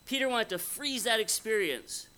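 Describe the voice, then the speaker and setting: A man's voice: sits high, lively intonation, moderate pace, pushed and bright, smooth. A man preaching a conversational, folksy sermon at a Bible conference, often asking his audience questions. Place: conference hall before an audience.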